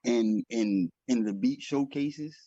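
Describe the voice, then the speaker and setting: Husky man on a dull call line. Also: mid-range voice, takes it slowly, warm tone, no echo. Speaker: guest. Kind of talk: casual chat on a video call.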